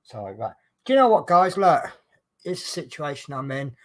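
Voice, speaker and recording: A man's voice: fairly high pitch, big pitch swings, moderate pace. A man, a coach driver, chatting casually while he does a craft, rambling and correcting himself as he tells stories. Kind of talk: casual chat while diamond painting.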